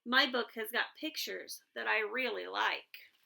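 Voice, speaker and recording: A woman voicing an eager, insistent little girl who is excitable and obsessed with one book. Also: a little high, measured pace, creaky, voice pushed down, exaggerated voice.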